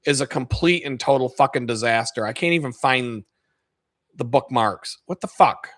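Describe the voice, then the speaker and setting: A man hosting his own video, telling a rambling, profane story with lots of laughter and sudden loud stretches. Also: medium pitch, moderate pace. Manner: profane, laughs a lot, gets loud retelling stories. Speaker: video host.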